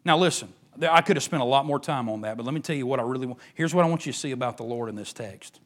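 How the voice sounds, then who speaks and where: A middle-aged man, preaching a sermon as pastor, swinging between emphatic rises and hushed near-whispers. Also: medium pitch, very fast.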